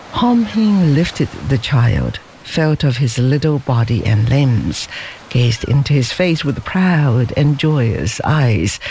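A man narrating an audiobook story in a measured, expressive way. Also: a little high, poor audio. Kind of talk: audiobook reading.

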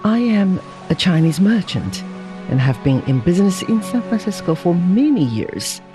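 A man's voice: high-pitched, sing-song, music in the background. Man reading a solemn dignified merchant father. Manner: solemn, measured, earnest.

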